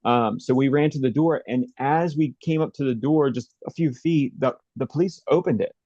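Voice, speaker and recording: Man, interview guest, mid-pitched, halting rambler full of fillers, dull dry recording. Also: mellow, no echo. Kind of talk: personal storytelling in an interview.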